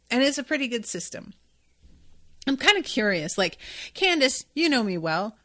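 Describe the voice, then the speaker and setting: Her voice fairly high, bright and forceful, a podcast host recaps an anime episode expressively at normal speed. She's casual, chatty and profane, with laughs and asides along the way.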